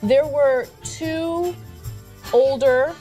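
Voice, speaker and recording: A woman's voice: sits high, extremely slow, music in the background. A woman commentator telling an earnest, indignant personal story in a played clip.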